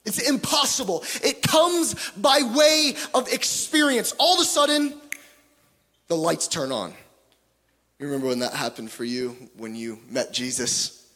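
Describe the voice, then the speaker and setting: A man preaching a sermon with passion, swinging from loud pleading to hushed tones, with joking asides. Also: high voice, a little slow. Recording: long hall reverb.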